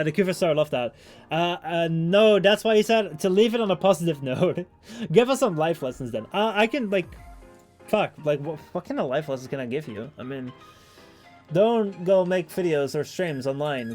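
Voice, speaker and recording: Male streamer, slightly high voice, loose rambling chat over faint music. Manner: rambling, many fillers and restarts, laughs often. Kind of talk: casual chat.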